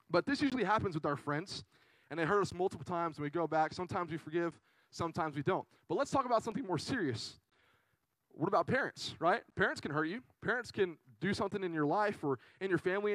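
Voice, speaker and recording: A young man preaching to a youth group, telling a funny story in an animated, chatty way with lots of "right?". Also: fairly high pitch, no room sound, rough recording. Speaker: youth pastor. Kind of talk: casual storytelling sermon.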